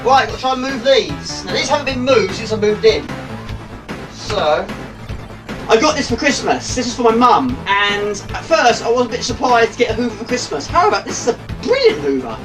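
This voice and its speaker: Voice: mid-range voice, animated, moderate pace, music in the background, low-quality recording. A vlogger talking casually to camera in a chatty, rambling, enthusiastic way. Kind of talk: casual vlog chat.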